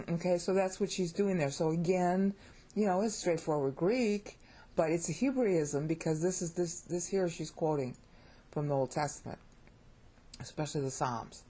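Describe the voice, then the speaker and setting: A middle-aged American woman teaching Bible Greek in a casual video lesson. She is chatty and animated, jumps up in pitch when excited, keeps checking in with her listeners and jokes about her own pronunciation. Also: normal speed.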